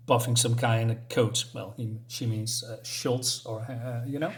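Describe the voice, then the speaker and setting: Man, comic reviewer, casual chat, mid pitch, hesitant, lots of fillers, chuckling. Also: level tone, unhurried.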